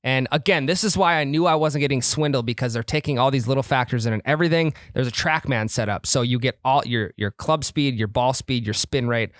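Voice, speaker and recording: A man co-hosting a casual golf podcast, animated and swearing freely as he tells stories. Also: mid-range voice, fairly quick, few pauses, no room sound, studio quality. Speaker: podcast co-host.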